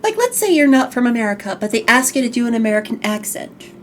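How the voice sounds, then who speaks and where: A young woman hosting a casual online talk show, animated and jokey. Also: fairly high pitch, fast talker, slight background noise. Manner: animated, jokey, drops into put-on accents. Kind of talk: casual chat on a vtuber stream.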